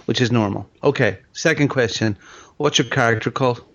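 A man chats casually about games, quizzing his friend and giving opinions with a dry edge. His voice is middle-pitched. The recording sounds dull and lo-fi. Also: fairly quick, a bit bright. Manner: wry, opinionated, asks questions. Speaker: podcast co-host. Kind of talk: casual gaming chat. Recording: dull lo-fi audio.

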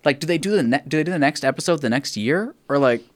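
A man's voice: on the high side, fast, dry recording. A man hosting a podcast in casual chat, ranting with laughter and swearing. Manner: animated, profane, laughing rants. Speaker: podcast host.

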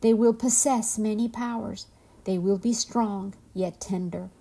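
Storybook role: woman reading as a gentle ancient turtle, husky, unhurried. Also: mid-range voice, steady tone. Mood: serene. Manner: slow, soft and measured. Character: wise old female turtle, calm and gentle.

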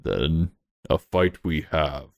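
A man voicing a huge hungry sea beast that talks slowly in an old-fashioned way. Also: lively intonation, creaky, dry recording, clean studio sound, heavily acted. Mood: ominous. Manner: slow, rumbling, archaic speech.

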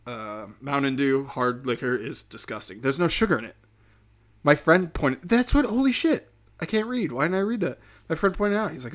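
A man's voice: medium pitch, animated, moderate pace, a bit bright. Profane, rambling man ranting. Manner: profane, rambling, darkly sarcastic. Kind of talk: casual comedic rant.

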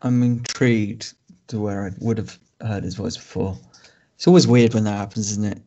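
A man co-hosting a film podcast, asking relaxed, wry questions. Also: lowish voice, normal speed, muffled recording. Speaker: podcast co-host. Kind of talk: casual film review chat.

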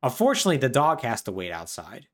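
A man's voice: medium pitch, wildly swooping pitch, fast talker. A man co-hosting a podcast, recapping a game plot in a chatty, wry way with lots of fillers. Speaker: podcast co-host.

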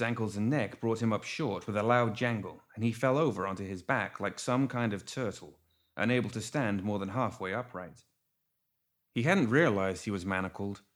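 Low-voiced male audiobook narrator. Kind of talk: scripted narration.

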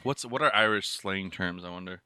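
A man's voice: deep voice, normal speed, pushed and bright, clean tone. A young man hosting a snack-tasting vlog, joking around and swearing casually. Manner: joking, profane, laughs often. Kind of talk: casual chat.

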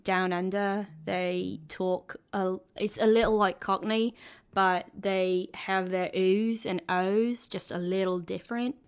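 Clear-voiced young woman, chatty podcast guest. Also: medium pitch, steady tone, slow pace. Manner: enthusiastic, tangent-prone. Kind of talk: casual chat.

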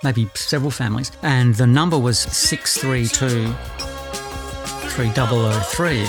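A man's voice: medium pitch, a little slow. A man from the UK co-hosting a casual music podcast, telling anecdotes and laughing at himself. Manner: chatty storyteller, laughs at himself. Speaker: podcast co-host.

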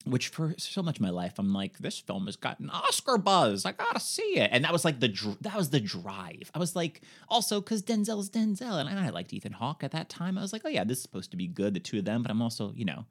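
Animated man with a lively voice. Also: medium pitch, quick pace, hardly any pauses. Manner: animated, jokey, slips into silly voices. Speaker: podcast co-host. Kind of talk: casual movie podcast chat.

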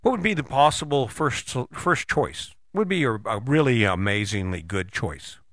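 A man's voice: mid-range voice, moderate pace, no room sound, clean studio sound. A man giving a direct, coaching motivational monologue, talking straight to the listener and acting out imagined conversations. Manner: animated, acts out imagined dialogue.

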